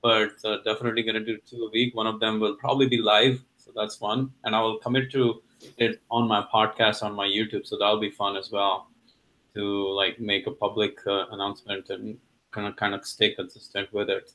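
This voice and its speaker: A man's voice: fairly low pitch, level tone, a little fast, sharp tone, low-quality recording. A man chatting as a podcast guest, earnest and hesitant, with many uhs. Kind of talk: casual chat.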